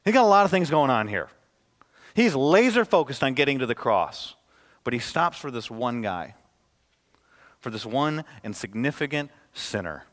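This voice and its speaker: A man preaching a sermon as a pastor, swinging between loud, emphatic lines and hushed, quiet ones. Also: mid-range voice, big pitch swings, moderate pace. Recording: reverberant hall.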